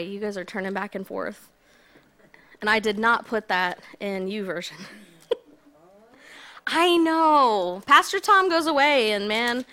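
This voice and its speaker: Woman guest preacher, slightly high pitch, relaxed conversational sermon delivery. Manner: casual, conversational, self-deprecating.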